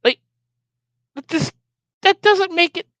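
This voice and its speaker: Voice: very high voice, takes it slowly, no room sound, lo-fi sound. A podcast host recapping a horror movie in a casual, ranting way, swearing freely and getting worked up over the plot. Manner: animated, profane, ranting.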